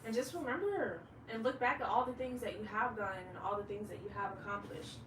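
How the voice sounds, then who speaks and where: A woman's voice: a little high, brisk, a bit bright, reverberant, recorded from a distance, a little hiss or hum, poor audio. A woman in her late twenties, a fashion designer, talking candidly in a rambling vlog monologue and swearing freely. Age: late 20s.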